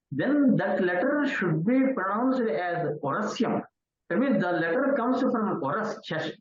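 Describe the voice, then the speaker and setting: Slow, lively older Indian man lecturing. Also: high-pitched. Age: 60s. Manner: halting, with frequent pauses and fillers. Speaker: Sanskrit professor. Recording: roomy, dull lo-fi recording.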